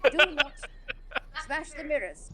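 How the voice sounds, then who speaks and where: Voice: high voice, lively intonation, slow, sharp tone, exaggerated voice. A woman voicing a flustered, fussy male mayor who pleads in an indignant way. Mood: pleading.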